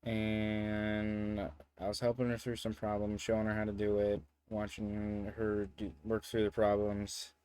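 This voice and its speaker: A man's voice: on the low side, completely flat delivery, a little slow, darkish tone, smooth. A young man telling a story in a casual vlog, rambling and joking, with some swearing. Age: young adult. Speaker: vlogger.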